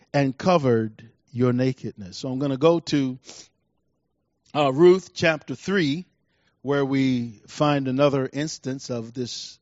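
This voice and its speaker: A man preaching a sermon as a pastor, swinging between fervent declarations and hushed asides. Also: mid-range voice, dry recording, highs cut off.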